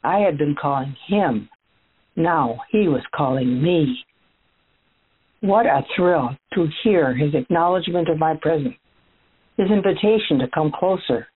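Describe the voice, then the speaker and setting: A woman's voice: sits low, lively intonation, a little slow, a little hiss or hum. A woman speaking as a formerly blind male beggar, telling his story in the first person and addressing listeners directly. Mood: earnest. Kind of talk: first-person dramatic monologue. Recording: tinny phone-like audio.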